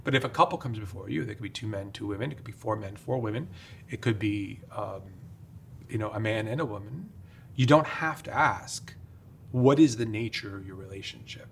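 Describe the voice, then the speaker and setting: Measured, careful middle-aged priest. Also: male voice, lowish voice, vocal fry, a little hiss or hum. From upstate New York. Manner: measured, careful, many "uh" fillers. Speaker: priest, guest. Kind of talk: podcast interview, explanatory.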